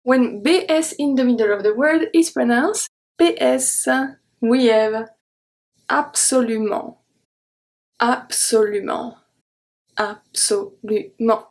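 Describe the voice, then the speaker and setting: A woman teaching a French pronunciation lesson, saying each example word slowly and carefully and repeating it. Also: high voice, a little mellow. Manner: slow, careful enunciation of example words. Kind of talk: online language lesson.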